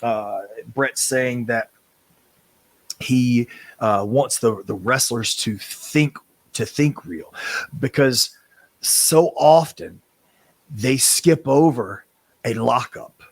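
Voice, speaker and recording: A man's voice: medium pitch, takes it slowly, long pauses. A man talking in a casual interview as a professional wrestler guest, impassioned and rambling, swearing now and then.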